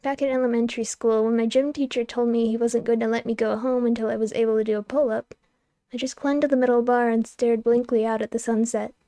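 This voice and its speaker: A young woman streamer reading a game's narration aloud, lively and wry, on a close microphone. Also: a little high, quick pace, dry recording. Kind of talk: expressive narration of a game's text.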